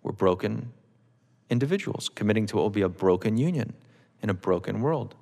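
A man reading from his own novel to a live audience in a measured, wry literary manner. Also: fairly low pitch, animated, vocal fry, darkish tone. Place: auditorium stage. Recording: long reverb of a large hall.

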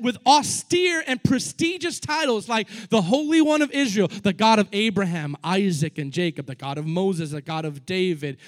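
A middle-aged man preaching a sermon, animated, acting out scripture scenes in casual slang. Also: very high-pitched. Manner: animated, acts out biblical dialogue in casual slang.

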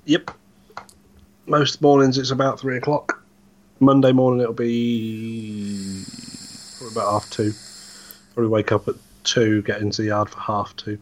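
A man chats easily on a podcast, wandering from one story to the next. His voice sits at an ordinary mid pitch. He speaks in a relaxed, conversational way. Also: normal speed, pauses often. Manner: rambling, easygoing storytelling. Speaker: podcast co-host, truck driver. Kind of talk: casual chat.

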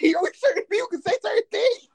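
A woman in casual podcast chat, loud and profane, often breaking into hard laughter. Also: very high voice, fast, creaky.

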